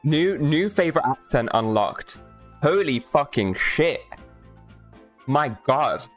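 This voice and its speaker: A woman's voice: low voice, lively intonation, slow, soft background music. Chatty, profane woman streamer. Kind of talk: casual live-stream chat.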